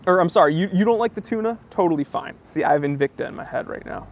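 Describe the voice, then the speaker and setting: A man's voice: high-pitched, fast, a little hiss or hum. A young man hosting a livestream, ranting casually and mimicking commenters in mocking voices. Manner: animated, mocking impressions of commenters. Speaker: live stream host.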